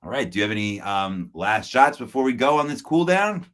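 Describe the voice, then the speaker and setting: A man's voice: mid-range voice, big pitch swings, brisk, a bit bright. A man hosting a podcast, chatting casually and telling stories, acting out the voices of people he quotes and laughing often. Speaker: podcast host.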